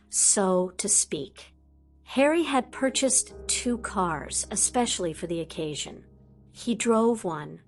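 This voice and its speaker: A woman reading fan fiction aloud as an audiobook narrator, in steady storytelling delivery. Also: medium pitch.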